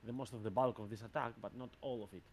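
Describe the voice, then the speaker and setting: A man narrating as game master, pausing often with fillers. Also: mid-range voice, fairly even intonation, slight background noise. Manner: hesitant, many fillers.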